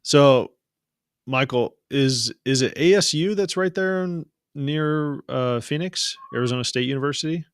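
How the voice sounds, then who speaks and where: A man's voice: on the high side, a little slow, smooth, no room sound, clean studio sound. A man hosting a casual live-stream hangout, chatty and laughing as he tells stories. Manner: chatty storyteller, laughs often, restarts mid-sentence. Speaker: host.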